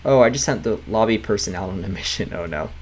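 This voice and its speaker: A man's voice: lowish voice, animated, fast, slight background noise. A man casually commenting while playing a management game, chatty and often laughing, reading game text aloud. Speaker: gaming writer streaming a game. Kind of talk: casual let's-play commentary.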